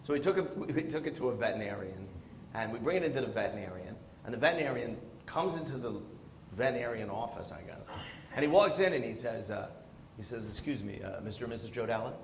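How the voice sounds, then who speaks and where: A male stand-up comedian tells stories in an exasperated, animated way, his pitch leaping all over the place. He talks into a handheld mic on a theatre stage, and the sound is roomy and echoing with a faint hum behind it. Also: fast.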